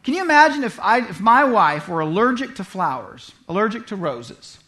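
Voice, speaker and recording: A man's voice: sits high, normal speed. A man preaching a sermon in church, telling Bible stories and acting out the voices of the people in them. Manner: animated storytelling, acts out quoted voices. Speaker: pastor.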